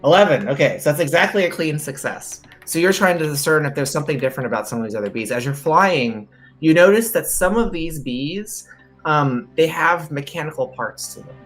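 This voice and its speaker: A man narrating as game master in a relaxed, halting way, full of ums. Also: on the high side, soft background music.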